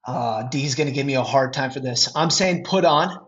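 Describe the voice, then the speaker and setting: Here a man from Minnesota chats on a podcast, his Minnesotan accent coming through as he tells animated stories with frequent laughter and many restarts. He speaks at normal speed in a mid-range voice. The audio is dull and lo-fi.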